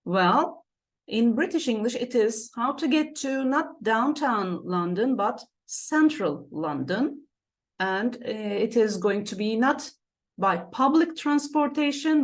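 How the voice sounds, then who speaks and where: A woman's voice: fairly high pitch, lively intonation, takes it slowly. A woman who is a native Turkish speaker, teaching English vocabulary in a patient classroom manner. She repeats key words and keeps checking in with "okay?" and "right?". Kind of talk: classroom-style explanation.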